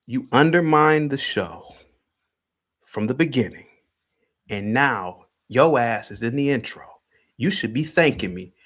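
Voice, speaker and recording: A man's voice: medium pitch, lively intonation, unhurried, pauses often, a bit bright. A man hosting a call-in livestream, taunting and confrontational, repeating his points. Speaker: livestream host. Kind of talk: heated call-in stream rant.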